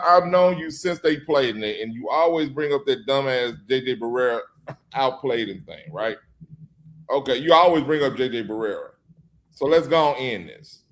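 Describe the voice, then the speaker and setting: A man co-hosting a casual sports debate, heated and mocking, breaking into loud laughter. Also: medium pitch, moderate pace. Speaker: co-host.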